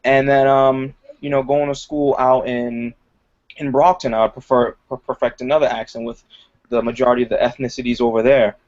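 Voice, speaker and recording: A young man in the middle pitch range talks loosely as an interview guest, filling his sentences with "like" and "you know." He laughs easily as he goes. The audio sounds dull and lo-fi. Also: flat delivery, fairly quick, darkish tone. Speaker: guest, aspiring comedian. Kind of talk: casual interview chat.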